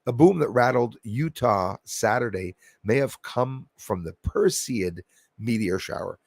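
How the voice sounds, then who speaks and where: A man's voice: mid-range voice, animated, unhurried, husky, dry recording, clean studio sound. A man vlogging space news, reading headlines aloud and rambling into skeptical asides, often restarting his sentences.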